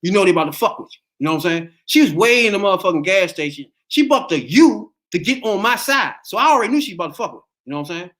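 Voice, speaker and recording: A man's voice: high-pitched, very fast, few pauses. A middle-aged man hosting a podcast, telling a story in casual chat and acting out the voices in it. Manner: animated, acts out voices in his story. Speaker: podcast host.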